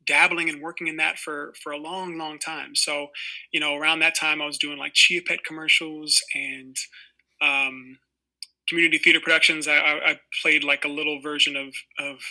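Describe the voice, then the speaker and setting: A man in his twenties with a very bright, forward voice, sitting for a casual interview on a video call. He talks in loose, rambling stories, full of "you know" and "like". His pitch sits a little high for a man. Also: little pitch movement, moderate pace, low-quality recording. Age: 20s. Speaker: actor guest.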